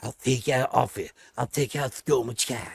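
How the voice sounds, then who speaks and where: A man putting on a slow, boastful pro wrestler voice. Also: mid-range voice, gravelly, slightly rough, dry recording.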